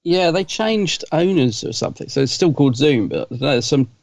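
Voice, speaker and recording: A man co-hosting a casual fan podcast, jokey and quick to laugh. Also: fairly high pitch, animated, a little mellow, no room sound. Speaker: podcast co-host. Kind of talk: casual chat.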